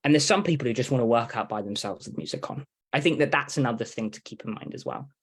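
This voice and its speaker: A man's voice: medium pitch, animated, quick pace. A man with an English accent, a dog trainer talking casually as an interview guest and acting out little voices for dogs and owners. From England.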